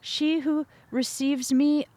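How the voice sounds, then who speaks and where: A woman's voice: high voice, flat delivery, slow pace, darkish tone, no room sound, pitched above the performer's own voice. A stern, angry old father god, voiced by a woman reading a myth aloud. He answers in a cold, dismissive tone that leaves no room for pleading.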